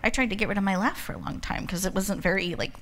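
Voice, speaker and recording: A woman hosting an event gives a motivational talk in a medium-pitched voice, speaking fast against a noisy background. She tells personal stories animatedly and laughs often.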